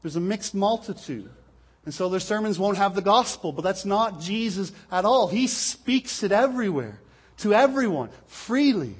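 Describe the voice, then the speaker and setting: Husky-voiced man preaching a sermon. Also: high voice, lively intonation, moderate pace. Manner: earnest, explaining with rhetorical questions. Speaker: pastor. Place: church hall. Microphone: pulpit microphone.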